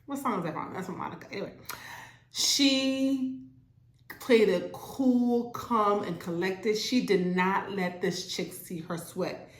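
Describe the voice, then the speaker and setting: A woman's voice: mid-range voice, slow pace. Chatty woman recapping a show at home. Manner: chatty, animated, acts out characters' lines. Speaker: TV show reviewer. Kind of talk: casual show recap to camera. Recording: roomy echo.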